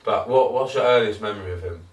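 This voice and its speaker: A man's voice: lowish voice, fast. A man co-hosting a podcast, telling rambling, sweary stories in casual chat and laughing often. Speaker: podcast co-host. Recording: roomy, distant mic with faint noise.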